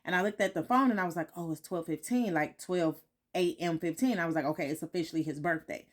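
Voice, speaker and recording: Candid woman talking in a low voice. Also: fairly quick. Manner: candid, repeats phrases, frequent "right?". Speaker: vlogger. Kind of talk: casual reflective talk to followers. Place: home, morning.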